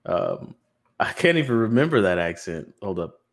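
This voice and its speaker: A man's voice: sits low, big pitch swings, moderate pace, vocal fry. A man hosting a casual roundtable podcast, joking around and laughing easily. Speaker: podcast host.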